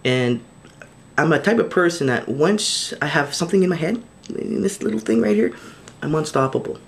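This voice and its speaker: A man's voice: a little high, expressive, moderate pace, vocal fry. A man recording a video diary straight to camera, talking in an earnest, pleading way, full of restarts and fillers. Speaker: vlogger.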